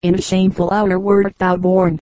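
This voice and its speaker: A woman's voice: mid-range voice, level tone, moderate pace, mellow, dry recording, close to an everyday voice, poor audio. A woman reading the lines of a stern, righteous male knight in stately archaic speech, in an audiobook reading.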